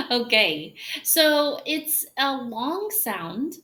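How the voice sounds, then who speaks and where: Slow, bright-voiced woman teaching pronunciation. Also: on the high side, expressive. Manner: demonstrates sounds slowly, with drawn-out hushing. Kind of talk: pronunciation lesson.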